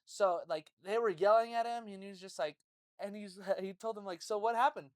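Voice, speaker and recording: Animated swearing woman telling a story. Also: mid-range voice, normal speed, dry recording, studio quality. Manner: animated, swears often, laughs a lot. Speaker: podcast co-host. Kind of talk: casual chat, storytelling.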